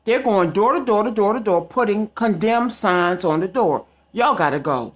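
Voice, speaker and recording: A woman's voice: medium pitch, normal speed. A woman telling a story straight to her viewers in a casual vlog, emphatic and direct. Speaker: psychic vlogger.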